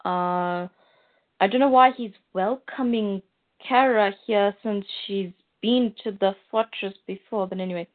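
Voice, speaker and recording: A woman's voice: mid-range voice, unhurried. A woman co-hosting a casual chat, talking about comics in an enthusiastic, emphatic way. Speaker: podcast co-host. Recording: tinny phone-like sound.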